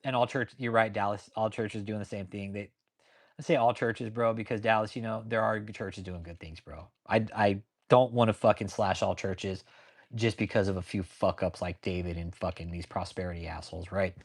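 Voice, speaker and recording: A man hosting his own channel, ranting angrily and swearing nonstop, pausing to answer viewers in the live chat. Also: fairly low pitch, steady tone. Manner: angry, swears constantly. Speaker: channel host. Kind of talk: profane ranting commentary with live chat replies.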